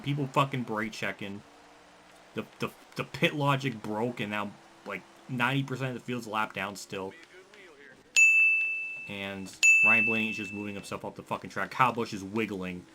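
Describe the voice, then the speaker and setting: A man giving frustrated, swearing commentary over a racing game, breaking into angry yells and running out of breath. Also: on the low side, steady tone, normal speed, very noisy. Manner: frustrated, swearing, yelling in bursts.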